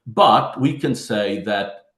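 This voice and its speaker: A man's voice: on the low side, slow, a bit bright, echoey room. A man giving a lesson to teachers, explaining step by step and calling his listeners "my friends". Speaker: teacher trainer.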